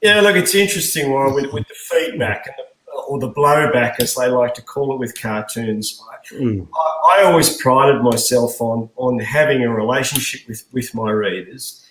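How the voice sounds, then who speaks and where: A man's voice: medium pitch, normal speed, fairly bright tone, roomy sound, rough recording. A middle-aged man, a guest cartoonist, recalling past experiences in a reflective, storytelling way during a panel chat.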